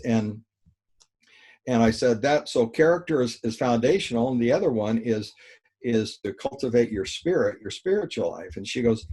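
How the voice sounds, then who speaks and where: An American man, a life coach being interviewed, telling an animated anecdote and acting out both sides of a conversation. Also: medium pitch, fairly quick, slightly rough. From United States. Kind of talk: storytelling in an interview.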